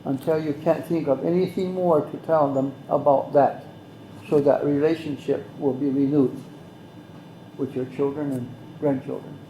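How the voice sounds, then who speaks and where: An older man, slowly telling a traditional story as an elder guest, with measured, repeated phrases. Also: on the high side, fairly even intonation, warm tone, slight background noise. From Mohawk Valley, New York. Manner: measured, repetitive, speaks some phrases in Mohawk. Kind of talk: slow oral storytelling. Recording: roomy echo.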